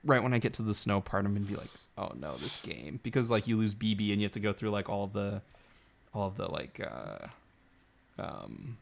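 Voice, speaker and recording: A man's voice: fairly low pitch, very animated, fairly quick, gravelly. A man co-hosting a podcast, chatting enthusiastically with frequent restarts. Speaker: podcast co-host. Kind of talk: casual chat.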